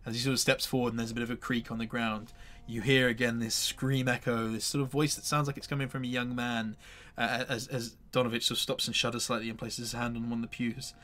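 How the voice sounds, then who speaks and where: A man's voice: mid-range voice, little pitch movement, quick pace, hardly any pauses, fairly bright tone. A man narrating as game master for a tabletop game, hesitant and full of fillers.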